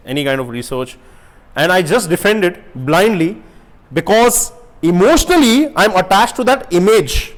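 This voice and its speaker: A young man giving a casual motivational talk to camera, asking rhetorical questions and swinging from loud bursts to quiet asides. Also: fairly high pitch. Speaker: self-help YouTuber.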